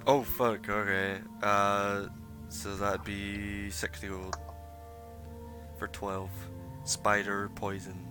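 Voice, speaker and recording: A man's voice: lowish voice, flat delivery, slow pace. A man running a tabletop game as game master, laid-back, laughing often and swearing casually, with music behind him.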